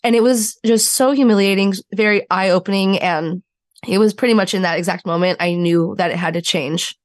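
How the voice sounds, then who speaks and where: A woman's voice: medium pitch, moderate pace, dry recording, studio quality. A woman in her twenties, a podcast guest telling her story candidly and acting out the voices of people in it. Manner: animated storyteller acting out quotes.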